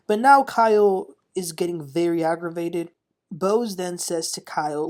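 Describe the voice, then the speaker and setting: A woman's voice: lowish voice, moderate pace, darkish tone. A woman hosting a casual reality-TV recap, chatty and opinionated, often laughing as she talks. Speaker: TV recap host.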